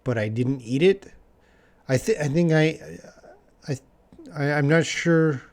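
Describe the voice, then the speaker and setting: A young man from Canada teaching English live, answering chat questions casually and repeating phrases slowly for learners. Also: on the high side.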